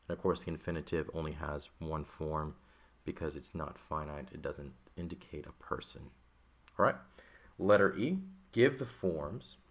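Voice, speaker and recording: A man teaching a recorded textbook lesson, explaining patiently and checking in often with "okay" and "right". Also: low voice. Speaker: Greek teacher.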